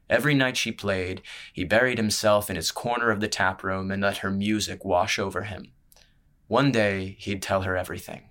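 Man reading a story, low voice. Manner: measured, steady storytelling. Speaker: narrator. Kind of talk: scripted audiobook narration.

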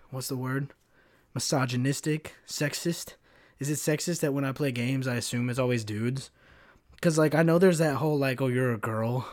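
Rambling, cussing young guy podcasting. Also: mid-range voice. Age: 20s. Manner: loose and rambling, swears a lot, laughs at his own jokes. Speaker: podcast host. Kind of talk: casual solo podcast rant.

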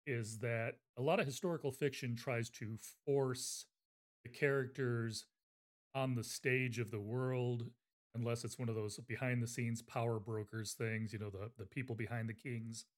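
A man's voice: mid-range voice, moderate pace. A man hosting a casual livestream book interview, chatty and rambling with fillers. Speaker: interview host.

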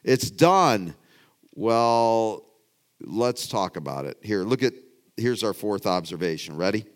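A middle-aged pastor delivers a casual, conversational sermon in a lowish voice with lively intonation and an unhurried pace. He's folksy and rambling, restarting sentences and moving between loud emphasis and quiet asides.

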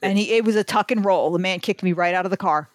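A woman's voice: fairly low pitch, fast talker, no echo. Woman guest spinning a story, acts out the voices, dry close sound. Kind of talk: casual storytelling in a podcast interview.

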